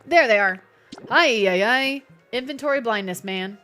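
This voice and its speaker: A woman's voice: fairly high pitch, lively intonation, normal speed, sharp tone, soft background music. A woman live streaming a game in casual chat, reading her chat aloud and joking back. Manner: chatty, reads chat aloud and answers it, jokey.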